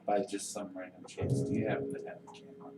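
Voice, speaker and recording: A man playing a tabletop game, speaking in a halting, casual way. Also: low-pitched, level tone. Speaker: player. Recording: roomy distant mic with noise.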